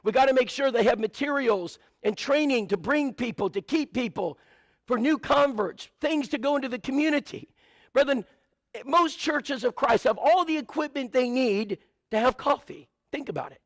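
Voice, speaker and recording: A man's voice: extremely high pitch, moderate pace, no echo. A man preaching a sermon, telling stories and rattling off lists of supplies with asides to the congregation. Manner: storytelling with many lists and asides.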